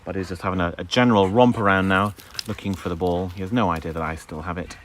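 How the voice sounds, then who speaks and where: A man's voice: deep voice, steady tone, quick pace, slight background noise. A man live-streaming outdoors in a wooded park on his phone, chatting to viewers and his dog. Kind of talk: casual live-stream chat.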